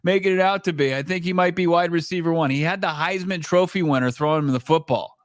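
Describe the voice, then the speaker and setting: A man's voice: a little high, quick pace, dry recording, studio quality. A man co-hosting a casual sports podcast, joking and teasing his partner, laughing often. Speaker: podcast co-host.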